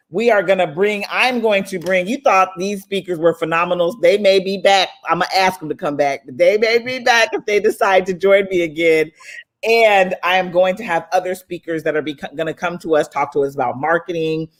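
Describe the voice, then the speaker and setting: A woman hosting a live online summit in casual, motivational chat. She sounds affectionate and upbeat, calling listeners "baby" and "y'all". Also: fairly low pitch. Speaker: summit host.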